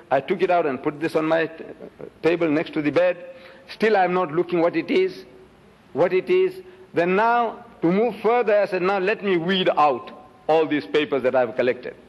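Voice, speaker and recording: An older man from South Africa giving an emphatic public lecture, asking rhetorical questions and holding up items to show the audience. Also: fairly high pitch. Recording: reverberant lecture hall.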